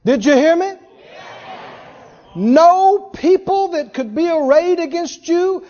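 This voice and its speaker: Male preacher, high and animated, deliberate pace, emphatic repetition; dull sound with long hall reverb. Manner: emphatic, repeats for effect, laughs between points. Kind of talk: sermon.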